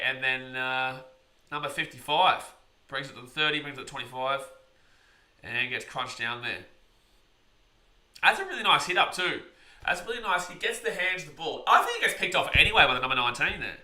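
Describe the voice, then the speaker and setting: A man giving live play-by-play reactions on a stream, chatting with viewers and shouting over big plays. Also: on the high side, echoey room.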